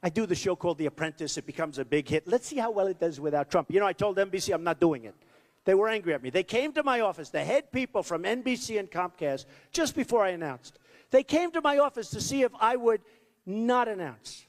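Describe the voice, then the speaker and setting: This man's voice sits high and sounds animated, moving at a fairly quick clip. He's a presidential candidate at a school hall rally, boasting, rambling, repeating himself, and performing the voices of those he quotes, all under long hall reverb.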